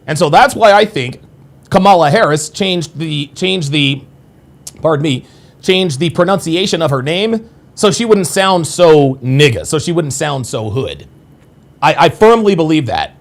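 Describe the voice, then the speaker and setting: A man in his forties hosting a casual livestream, rambling and repeating himself with crude, profane asides to his viewers. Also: on the high side. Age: 40s. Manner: addresses viewers directly. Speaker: livestream host.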